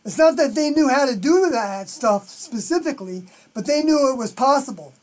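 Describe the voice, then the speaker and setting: A live stream host with a New York accent, thinking aloud through scripture commentary and often trailing off softly. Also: high-pitched, animated, normal speed.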